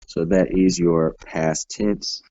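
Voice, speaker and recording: A man's voice: low-pitched, steady tone, slow, warm tone, no room sound, muffled recording. A man teaching a Hebrew grammar class, explaining step by step with frequent fillers and self-corrections, recorded in a classroom.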